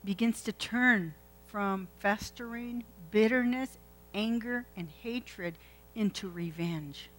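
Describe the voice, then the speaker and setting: A woman's voice: medium pitch, takes it slowly, fairly bright tone, poor audio. Woman preaching a conversational sermon. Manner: conversational, asks the congregation questions.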